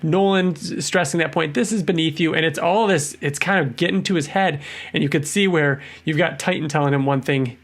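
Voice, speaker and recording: Upbeat man chatting on a podcast. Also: brisk. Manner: animated, acts out quotes in a higher voice. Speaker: podcast co-host. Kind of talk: casual chat.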